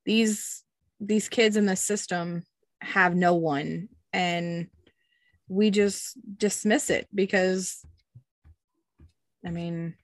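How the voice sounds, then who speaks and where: A woman's voice: lowish voice, drawn-out words, long pauses, no echo. A young woman co-hosting a podcast in casual chat, talking with lots of "um"s and telling stories with animation. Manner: chatty, many "um"s, animated storytelling. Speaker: podcast co-host.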